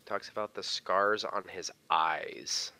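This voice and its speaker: A man's voice: low voice, slow pace, bright, forceful tone, clear, resonant tone. A man co-hosting a casual watch-along chat, joking and teasing his friend with frequent laughs. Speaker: co-host.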